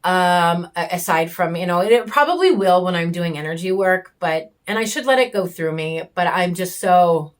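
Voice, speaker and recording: A woman vlogger pours out a raw personal reflection straight to camera, bitter and angry. Her voice sits a little low, and her candid, heated talk is full of curses and halting pauses. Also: expressive. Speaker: homesteading vlogger.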